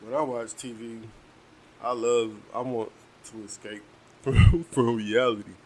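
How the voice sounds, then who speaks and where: A man's voice: mid-range voice, fairly even intonation, unhurried, darkish tone, slight background noise. A man from Detroit hosting a casual solo podcast, talking bluntly and heatedly with lots of profanity while eating and drinking. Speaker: podcast host.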